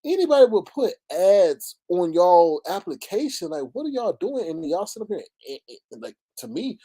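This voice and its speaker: A man with runs a casual livestream, throwing out sassy asides to his viewers. His voice sits dark and mellow, but his pitch jumps all over the place, up to high shrieks and laughs. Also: very animated, a little slow. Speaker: livestream host.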